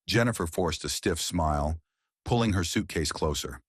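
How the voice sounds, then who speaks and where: In scripted audiobook narration of a romance story, a man reads calmly and with measure in a very low, husky voice. The recording is close and dry, with no room sound and no echo.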